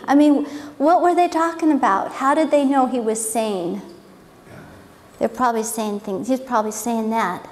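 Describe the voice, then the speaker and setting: A woman's voice: on the high side, normal speed, long reverb tail. A woman teaching a Bible story as a sermon, telling it with animation and acting out what the people said.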